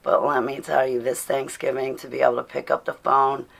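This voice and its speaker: Female livestream host, low and raspy-edged voice, casual home chat that calls out viewers. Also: level tone, fairly quick. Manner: chatty, addresses viewers by name, laughs often. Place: indoors at home.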